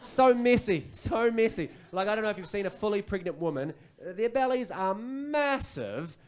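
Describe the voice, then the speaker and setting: A man in his thirties with a New Zealand accent doing an animated stand-up set on a comedy club stage, acting out his kids and himself. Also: high voice, moderate pace. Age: 30s. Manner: animated, acts out kids and parents.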